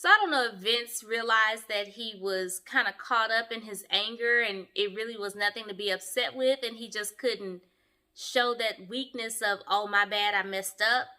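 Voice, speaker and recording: A young woman giving sassy, animated commentary as she reviews a reality show for her viewers. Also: a little high, normal speed. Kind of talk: casual commentary.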